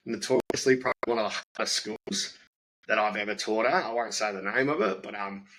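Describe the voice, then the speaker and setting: Over a background crowd on a low-quality recording, the same kind of speaker comes through: a young Australian man, once a teacher and now a comedian, speaking a little fast in a lowish voice. He chats casually, spinning anecdotes and animatedly performing the characters' voices.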